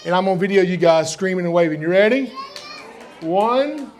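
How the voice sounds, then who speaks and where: A middle-aged Southern man with a high, light voice tells folksy stories to a live crowd at a library reptile show. He jokes easily and keeps the room engaged. His drawl carries through every story. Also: moderate pace, a little hiss or hum. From Georgia, USA. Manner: joking, folksy, animated storyteller. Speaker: reptile rescuer giving a library program. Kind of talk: live storytelling talk to an audience.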